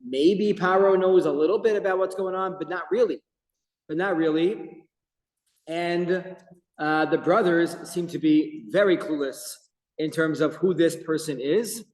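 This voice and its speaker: A man teaching a Torah class as a rabbi, telling the story with lively emphasis and quoting Hebrew verses. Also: fairly high pitch, unhurried. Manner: animated storytelling with Hebrew quotes. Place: office. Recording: echoey room with long reverb.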